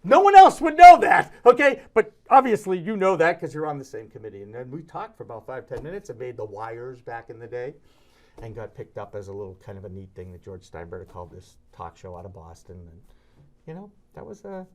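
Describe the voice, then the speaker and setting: A middle-aged man hosting a sports talk show, telling stories in a casual, animated way and slipping into high voices when he quotes people. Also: a little fast. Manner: animated, jumps into high-pitched voices when quoting others.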